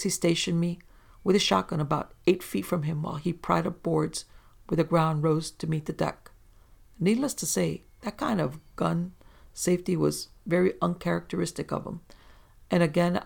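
Story reader, mid-pitched and very gravelly, calm measured delivery for paranormal accounts. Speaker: story narrator. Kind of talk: scripted narration of first-person paranormal accounts.

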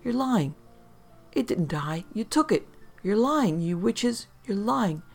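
A storyteller voicing a desperate young woman, shrill and repetitive in her accusations. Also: expressive, slow pace, gravelly, faint music behind, heavily acted. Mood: accusing.

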